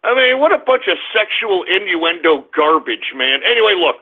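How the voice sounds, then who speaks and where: A man's voice: high-pitched, sing-song, moderate pace. A male radio talk show host delivering a combative, crude, ranting monologue. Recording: tinny phone-like radio sound.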